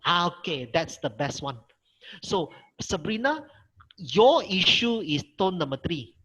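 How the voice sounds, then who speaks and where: A man's voice: high voice, big pitch swings, a little slow, a bit bright, breathy edge, rough recording. A middle-aged man with a Malaysian English accent, teaching a Mandarin workshop over a video call, patient and repeating his points. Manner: patient, repeats himself, models tones. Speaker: Mandarin lecturer. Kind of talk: online language workshop teaching.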